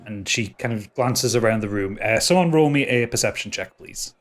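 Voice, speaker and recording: A man's voice: lowish voice, lively intonation, normal speed. A man narrating as game master of a tabletop game, often stopping and repeating words.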